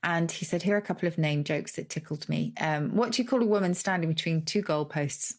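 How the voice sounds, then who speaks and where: Lower-voiced woman explaining words. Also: a little fast. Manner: explains words, laughs easily. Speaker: podcast co-host. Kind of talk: casual chat.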